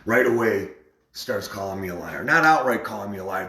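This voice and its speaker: A man's voice: lowish voice, expressive, brisk, bright, forceful tone, roomy sound. A man on a casual live stream, animatedly retelling an argument, repeating himself and acting out what others said.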